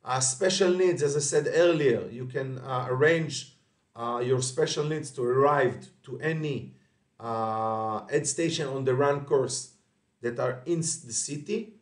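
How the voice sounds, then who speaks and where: A man's voice: medium pitch, measured pace, distant mic. Man giving a hesitant race briefing in an echoey room. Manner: hesitant, many fillers and self-corrections.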